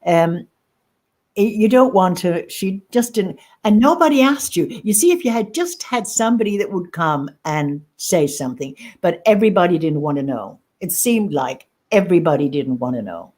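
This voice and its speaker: Halting woman, low voice. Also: expressive, a little mellow. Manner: halting, emotional, repeats phrases. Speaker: guest sharing lived experience. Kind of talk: personal testimony in conversation.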